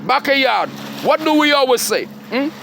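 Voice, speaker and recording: High-voiced middle-aged man preaching in slang. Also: animated, a little slow, gravelly, fairly bright tone, a little hiss or hum. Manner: preachy, repeatedly calling listeners "dog", with slangy questions. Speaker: father addressing his children and followers. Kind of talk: rambling streetwise monologue.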